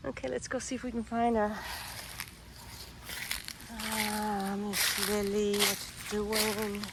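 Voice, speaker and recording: A woman's voice: mid-range voice, level tone, slow, a bit bright, slight background noise. A woman chatting casually as she films her cats and garden, cooing at them and sometimes talking under her breath. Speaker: vlogger. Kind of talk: casual vlog chat. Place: backyard outdoors, then indoors.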